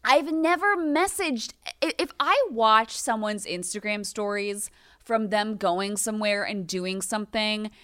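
A woman's voice: mid-range voice, measured pace, sharp tone, clear, resonant tone, dry recording, clean studio sound. A woman in her thirties, a podcast host, ranting in casual chat, emphatic and swearing a lot.

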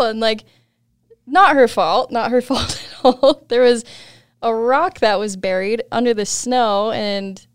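A young woman guest on a podcast, telling a story in casual chat, laughing often and animated when quoting others. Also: a little high, slow pace, clean tone, dry recording, clean studio sound.

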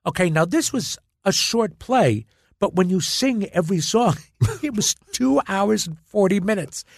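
A man, a guest actor, telling stories in casual chat, animated, repeating words and acting out quotes. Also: high-pitched, a little slow, vocal fry, no room sound, clean studio sound.

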